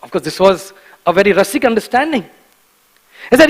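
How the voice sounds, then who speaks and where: A man giving a devotional morning class in a temple, emphatic and animated, repeating key words for stress and often chuckling. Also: high voice, fairly quick, long pauses, in a large hall, rough recording. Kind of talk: devotional lecture. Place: temple hall.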